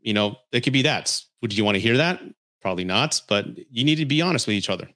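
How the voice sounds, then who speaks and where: A man's voice: mid-range voice, expressive, fast talker, bright, forceful tone. A man hosting a podcast, giving blunt, candid relationship advice in a casual chat while reading viewer comments. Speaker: podcast host.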